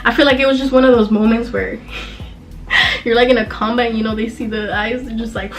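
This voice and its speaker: A woman's voice: on the high side, steady tone, a little fast, over loud music, rough recording. A young woman from Southern California telling a personal story in a casual, chatty way, full of fillers. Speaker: vlogger.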